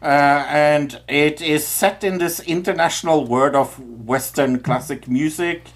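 A man co-hosting a movie review podcast, talking casually and haltingly with many fillers. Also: on the high side. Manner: halting, many "uh"s, enthusiastic about favorites. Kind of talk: casual chat.

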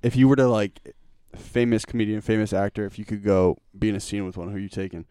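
A man's voice: lowish voice, steady tone, quick pace, warm tone, smooth, no room sound. A man hosting a podcast in a casual chat, teasing his guest and firing off eager questions. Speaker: podcast host.

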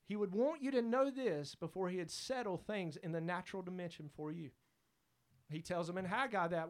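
Fervent high-voiced male preacher. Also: moderate pace. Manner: fervent, emphatic preaching with repeated exhortations. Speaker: pastor. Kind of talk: sermon.

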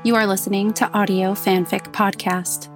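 A woman opening a podcast with a bright greeting, as the show's host. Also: medium pitch, flat delivery, moderate pace. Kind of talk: show intro. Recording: intro over clear instrumental music.

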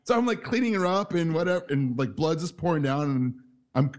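A man in his thirties telling a story in casual chat, swearing freely, laughing, acting out quotes with big jumps in pitch. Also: lively intonation, a little fast. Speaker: podcast co-host.

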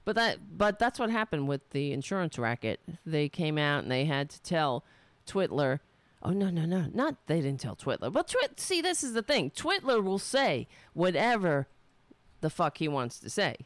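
A middle-aged woman with a nasal voice holds forth as a solo talk host, her pitch leaping up and down as she swings between sarcasm and cursing. Her tone is smooth and clear. The sound is dry and close, with no room in it. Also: moderate pace, no room sound. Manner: animated, sarcastic and profane, talking to herself between thoughts. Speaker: show host. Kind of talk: casual political talk monologue.

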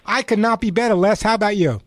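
A man's voice: sits high, quick pace, no room sound. A man hosting a call-in radio show on pets, chatting, telling stories and giving step-by-step advice. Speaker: radio show host, pet expert. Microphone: studio microphone.

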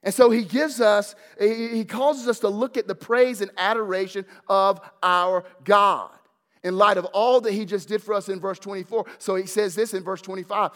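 A man preaching a sermon as pastor, fervent at his peaks and hushed at his close, repeating words as he builds emphasis. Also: sits high, fairly even intonation, moderate pace. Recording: long hall reverb.

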